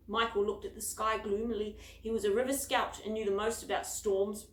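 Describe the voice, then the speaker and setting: A woman reading her own children's picture book aloud, expressive and animated. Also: mid-range voice, moderate pace, few pauses. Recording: echoey room.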